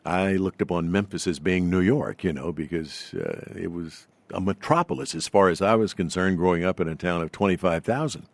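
An older man with a faint Southern accent, telling stories as an interview guest in a polished, unhurried announcer's delivery. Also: low voice, creaky, no room sound. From Southern United States. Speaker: guest, veteran broadcaster. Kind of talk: storytelling in an interview.

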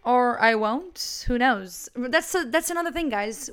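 A woman's voice: fairly high pitch, animated, a little slow, a bit bright, clean tone. A young woman hosting her own podcast, talking casually and rambling with fillers and restarts. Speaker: podcast host. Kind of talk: casual solo podcast talk.

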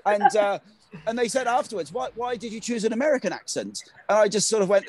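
A man's voice: high-pitched, lively intonation, darkish tone, no echo. A man interviewing fellow actors on a podcast, chatty and joking, with lots of ums and restarts. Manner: jokey, fast, filler-heavy storytelling.

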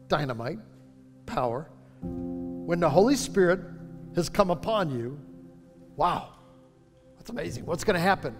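A man with a notably high voice delivers a fervent sermon, slowing and stretching his emphatic phrases. His words ring with the long reverb of a large church sanctuary. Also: lively intonation, faint music behind. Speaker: pastor.

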